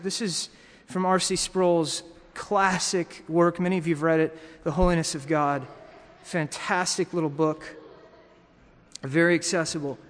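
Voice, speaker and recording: A man's voice: high voice, big-room sound. A man preaching a sermon in a teaching manner, often restarting and repeating words.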